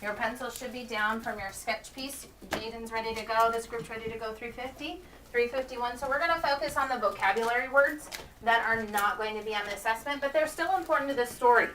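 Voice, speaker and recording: A woman teacher reading a story aloud to her class and giving brisk directions in a classroom, recorded from a distance. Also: on the high side, a bit bright, a little hiss or hum. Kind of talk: classroom read-aloud and instruction. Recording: echoey classroom from far off.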